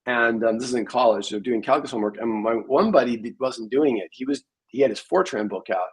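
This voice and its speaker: Husky-voiced man in his sixties. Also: medium pitch, quick pace, poor audio. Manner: rambling storyteller, many fillers. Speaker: interview guest, programmer. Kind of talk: casual anecdotal interview.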